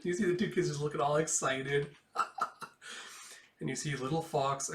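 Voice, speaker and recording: A man giving excitable, casual read-along commentary on a comic, laughing often. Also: fairly high pitch, normal speed, long pauses, roomy sound. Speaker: comic reviewer.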